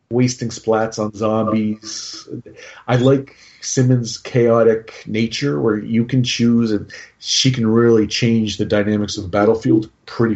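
A man talks casually with a warm, mellow tone, circling back and restarting his sentences as he explains his picks. The recording is dull and slightly muffled. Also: mid-range voice. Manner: rambling, lots of restarts and fillers. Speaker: podcast co-host talking through his game army. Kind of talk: casual chat.

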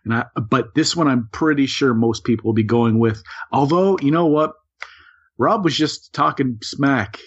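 A man co-hosting a casual show, talking haltingly with many "uh"s and self-mocking jokes. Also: mid-range voice, husky. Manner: hesitant, restarts with lots of uh, self-mocking. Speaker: co-host. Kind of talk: casual banter. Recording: dull lo-fi recording.

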